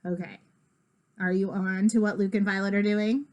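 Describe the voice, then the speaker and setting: A woman reading a children's picture book aloud, with lively, expressive delivery and asides to the listener. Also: mid-range voice, moderate pace, highs cut off. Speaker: storybook reader.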